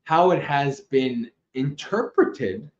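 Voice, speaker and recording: A man teaching Dhamma on a livestream, telling a story with lively asides and frequent laughs. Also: medium pitch, takes it slowly, a little hiss or hum. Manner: animated storyteller, laughs often, loose asides. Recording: roomy, slightly dull livestream audio.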